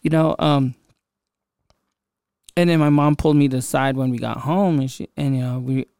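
A man's voice: medium pitch, steady tone, moderate pace, vocal fry, a little mellow, smooth, no echo, clean studio sound. A young man hosting a podcast, telling a personal story in a casual, conversational way with lots of fillers and asides. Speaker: podcast host.

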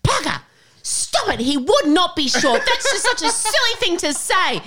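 A woman mimicking her older mother gushing over a TV weatherman, breathless and rising to a shrill pitch. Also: very animated, normal speed, pushed and bright, a little hiss or hum, heavily acted. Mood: indignant.

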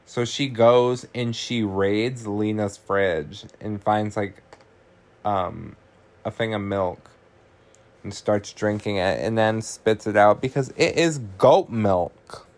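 A man's voice: on the low side, slow. A man hosting a podcast, casually recapping a horror comedy with swearing, laughs and lots of "like" and "um". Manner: chatty, laughing, swears, uses filler "like" and "um". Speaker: podcast host.

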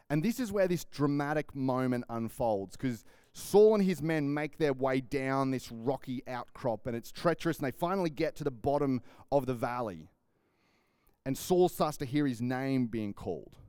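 Animated male preacher, crisp dry voice. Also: on the high side, no room sound. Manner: animated storytelling, acts out quoted lines. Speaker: pastor. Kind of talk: sermon.

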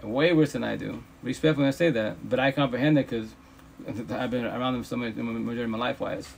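Male streamer on a phone mic, mid-pitched, preachy, swears a lot, hammers points home. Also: fairly even intonation, quick pace, vocal fry, slight background noise. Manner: emphatic, profane, repeats himself. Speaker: livestream host. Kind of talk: casual preachy rant. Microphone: phone livestream.

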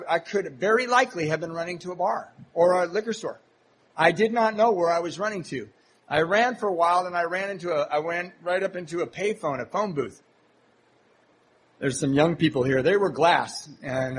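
A man with a slightly higher than usual voice tells his recovery story to a live crowd at a meeting. He mocks himself with a comic touch and acts out the other people's voices. A faint hum of the hall sits behind him. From Southern California. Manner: humorous, self-mocking storytelling with acted-out voices. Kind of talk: personal recovery story told to a live audience. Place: meeting hall before an audience.

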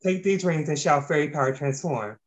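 A man reading the brisk, commanding lines of a mysterious cloaked woman in a homemade fantasy story. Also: on the high side, close to an everyday voice. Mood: urgent.

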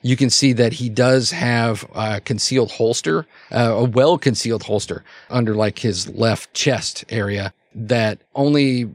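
A man's voice: medium pitch, measured pace, no echo, studio quality. A man narrating a tabletop role-playing game as game master, rambling with many fillers and restarts.

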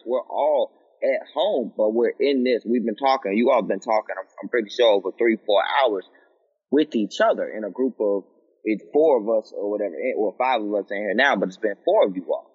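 A man at home on a group call, calmly explaining and building his point in a measured way. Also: medium pitch, husky. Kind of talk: casual group chat. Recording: dull lo-fi audio with long reverb.

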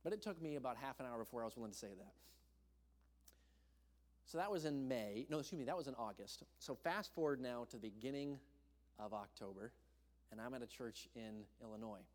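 Animated young preacher in a reverberant hall. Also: male voice, mid-range voice, fairly quick, pauses often. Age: young adult. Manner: animated, acts out voices in his stories. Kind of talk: storytelling sermon. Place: church hall.

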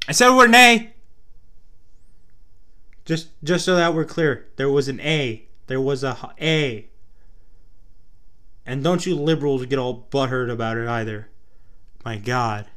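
A man's voice: medium pitch, unhurried, clear, resonant tone. A young man from Texas with a Texas twang, chatting to his viewers in a loose, rambling, profane way. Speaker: vlogger. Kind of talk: casual rambling chat to camera.

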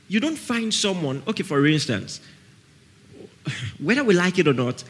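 A man's voice: sits high, fairly bright tone, husky. A man with a Nigerian accent preaching a sermon at a camp meeting. He is emphatic, repeats key phrases and keeps asking his listeners whether they follow him.

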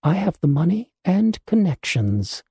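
A man voicing a calm, calculating male black-market doctor in a storybook reading, with a fairly high but mellow voice. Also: unhurried, vocal fry, slightly rough, no room sound, heavily acted. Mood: calm menace. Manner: calm, calculating, matter-of-fact.

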